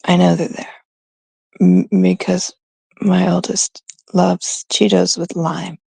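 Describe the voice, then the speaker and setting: A woman's voice: on the low side, flat delivery, slow pace, gravelly, darkish tone, breathy edge, no echo. A middle-aged woman with a Canadian accent, hosting a livestream in casual, rambling chat with viewers, cursing freely. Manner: profane and rambling. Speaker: livestream host.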